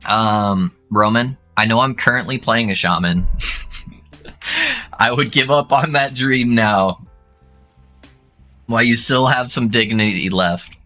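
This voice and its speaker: A young adult man streaming a game, chatting casually with viewers and breaking into excited whoops and laughs. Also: medium pitch, slow pace, pauses often, faint music behind. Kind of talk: casual gaming stream chat.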